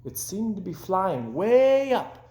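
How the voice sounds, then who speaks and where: A man reading a children's book aloud in a gentle, hushed narration. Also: sits high, sing-song, takes it slowly. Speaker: storyteller. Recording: roomy echoing room.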